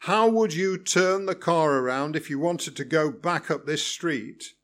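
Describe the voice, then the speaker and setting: A man's voice: fairly high pitch, measured pace, a bit bright. A man playing a prim, irritable driving examiner. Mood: pedantic. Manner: pedantic, clipped, over-emphatic.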